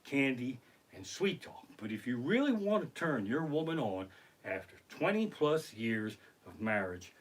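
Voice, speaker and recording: A middle-aged man, a comedian telling profane, animated stories during a live stream from his living room. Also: mid-range voice, unhurried. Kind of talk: live-streamed comic storytelling. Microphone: basic home streaming setup.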